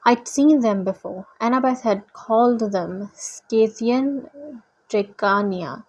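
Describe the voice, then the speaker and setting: A woman reading a novel aloud in a steady, deliberate way. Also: on the high side, low-quality recording. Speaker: reader.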